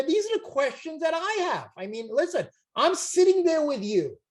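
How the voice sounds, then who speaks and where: An older man, making an emphatic, repetitive, jokey sales pitch on a video call as a chiropractic seminar promoter. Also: sing-song, normal speed. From Brooklyn, New York.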